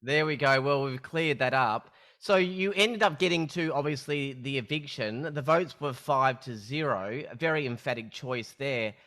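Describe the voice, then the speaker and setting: A man's voice: mid-range voice, normal speed, hardly any pauses, fairly bright tone. A man hosting an interview who stumbles and repeats words as he asks his questions. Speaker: interview host.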